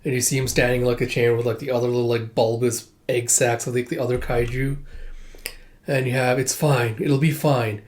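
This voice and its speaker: A young man hosts a casual manga read-through, describing each panel as he goes. His voice sits at a middle pitch and he rambles loosely, filling gaps with "like" and "uh". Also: level tone, fairly quick, darkish tone. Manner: rambling, many fillers and likes.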